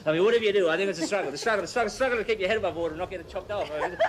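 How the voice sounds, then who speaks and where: An actor playing an eccentric, childlike young man who rambles nonstop, repeating his words in a rapid stream of chatter. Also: high voice, lightly acted. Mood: manic rambling.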